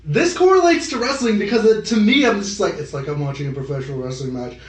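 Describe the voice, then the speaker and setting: A young man co-hosting a podcast, rambling and swearing through casual chat and breaking into quick impressions of other people. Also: high voice, recorded from a distance. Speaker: podcast co-host. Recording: echoey room, off-mic.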